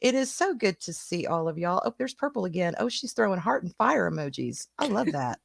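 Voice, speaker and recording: A woman's voice: fairly low pitch, sing-song, brisk, gravelly, no room sound. A woman with a Southern US accent, co-hosting a casual livestream and greeting her chat, calling viewers sweetheart and honey with a giggle. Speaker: co-host of a stream.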